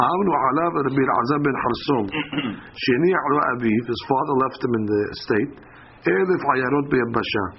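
A man's voice: mid-range voice, muffled recording, slight background noise. A man giving a daily Talmud class, reading the text aloud and then translating it in plain talk. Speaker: Talmud teacher.

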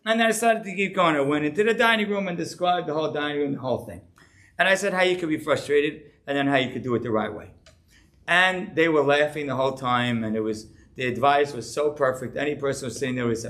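A middle-aged rabbi giving a conversational, animated sermon. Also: male voice, high-pitched, a little fast. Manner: animated, conversational preaching with rising emphasis.

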